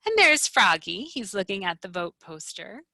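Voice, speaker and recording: A woman librarian reads a picture book aloud to children, gasping and asking them questions. Her voice is bright and swoops widely, and her pace is slow and clear. The sound is dry and close. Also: mid-range voice, no echo. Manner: animated, with gasps and questions to children. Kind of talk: children's storytime read-aloud.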